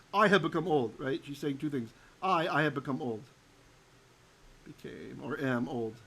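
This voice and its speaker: A man teaching a Torah lesson as a rabbi, animated and often checking in with his listeners, sometimes chanting verses. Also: fairly high pitch, breathy edge, rough recording.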